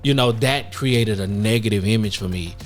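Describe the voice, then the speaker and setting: A man's voice: lowish voice, moderate pace, soft background music. A man in his fifties, co-hosting a podcast in casual chat, telling self-mocking stories with frequent laughs. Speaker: podcast co-host.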